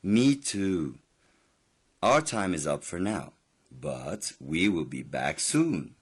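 A man hosting a children's program, speaking slowly and emphatically to young viewers. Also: deep voice, big pitch swings, husky. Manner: slow, emphatic, addressing children. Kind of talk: children's TV presenting.

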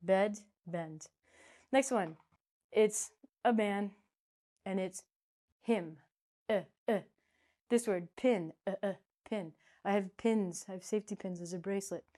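A middle-aged woman teaching English pronunciation to learners, her pitch sitting in the middle for a woman. She speaks at an unhurried pace. Her delivery is playful and jokey, with sudden high, exaggerated demonstrations of sounds. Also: dark tone.

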